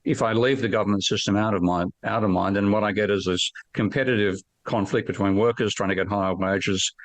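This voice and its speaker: A man's voice: on the low side, no echo. A man explaining as an economist guest on a podcast, fluent, emphatic and blunt.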